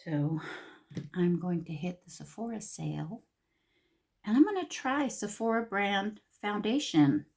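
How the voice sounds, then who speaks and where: A woman chatting casually through a makeup tutorial, slipping into soft whispers now and then. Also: medium pitch, big pitch swings, unhurried, vocal fry. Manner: chatty, drops into whispers, repeats words. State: a little out of breath. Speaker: makeup vlogger.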